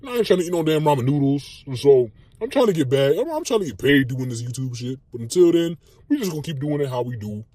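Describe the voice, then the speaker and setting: A man's voice: quick pace, hardly any pauses, dry recording. A young man from Minnesota giving a loose, profane comedy monologue as a YouTuber. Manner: loose, slangy and profane, animated swings in pitch.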